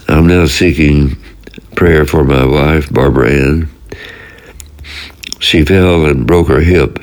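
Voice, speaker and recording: A man from Texas calling in, speaking slowly and gently with a heartfelt tone. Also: rumbling low. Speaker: caller. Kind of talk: phoned-in prayer request.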